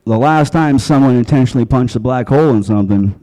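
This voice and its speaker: Club comic, dark mellow voice, deadpan and crude, chatting to the room. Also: male voice, mid-range voice, fast talker, rough recording. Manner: crude, deadpan, conversational delivery with profanity. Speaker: stand-up comedian. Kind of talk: stand-up comedy set. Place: comedy club stage.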